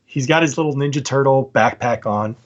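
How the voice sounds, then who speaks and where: A man's voice: mid-range voice, a little fast, lo-fi sound. A man hosting a casual debate, making his points through stories and often checking in with "right?". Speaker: podcast host debating a guest.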